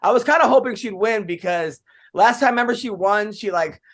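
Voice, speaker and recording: A man with a noticeably high voice chats casually as a podcast co-host. He rambles through his stories, leaning hard on "like" and restarting his sentences. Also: a little fast, fairly bright tone. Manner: rambling storyteller, many "like" fillers. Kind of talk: casual chat.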